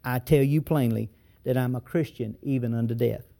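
A man voicing an old bishop facing martyrdom, speaking in a solemn, resolute, measured way. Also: medium pitch, vocal fry, mellow, voice pushed down, lightly acted. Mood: steadfast. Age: older. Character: aged male bishop facing martyrdom, steadfast.

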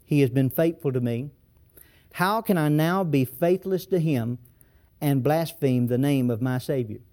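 A man voicing an old bishop facing martyrdom, speaking in a solemn, resolute, measured way. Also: medium pitch, warm tone, close to an everyday voice. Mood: steadfast. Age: older. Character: aged male bishop facing martyrdom, steadfast.

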